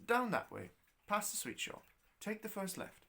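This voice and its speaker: A man's voice: high voice, wildly swooping pitch, moderate pace, creaky, bright, forceful tone, voice pushed up, full character voice. A man voicing a helpful young Scottish porter who speaks plainly and gives directions. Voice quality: plain-spoken and obliging.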